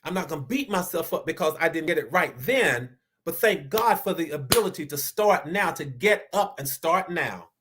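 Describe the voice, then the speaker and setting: An inspirational speaker giving a motivational sermon-style talk to their audience, often repeating words and slowing down to stress key lines. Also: medium pitch, animated, a bit bright. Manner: stammers and repeats words, slows down for emphasis; preacher-like, rising to emphatic declarations.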